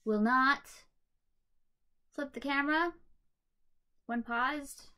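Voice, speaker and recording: A woman's voice: high voice, takes it slowly, pushed and bright. A woman hosting a casual home video from her bedroom, chatting in a rambling, apologetic way before reading a novel aloud. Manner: rambling, apologetic, self-deprecating. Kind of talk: casual chat and book reading. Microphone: computer camera mic.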